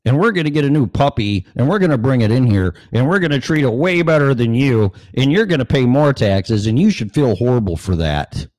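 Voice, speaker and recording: A man's voice: mid-range voice, expressive, a little fast, hardly any pauses, darkish tone, dry recording, studio quality. A man hosting a show, ranting sarcastically and cursing, now and then acting out other voices. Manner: acts out voices mid-rant. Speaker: show host. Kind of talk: opinion monologue.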